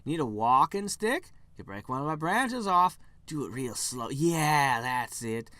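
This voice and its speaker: A man's voice: fairly high pitch, sing-song, measured pace, pushed and bright, no room sound, voice pushed up, full character voice. A man voicing an eager male talking tree in a video game, who pushily offers up his own apple, leaves, bark and branches. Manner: pushy, overly generous, self-deprecating.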